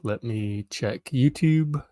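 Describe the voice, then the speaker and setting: A man's voice: mid-range voice, slow pace, mellow, no echo, studio quality. A middle-aged man hosting a casual solo live stream, rambling and hesitant with frequent ums.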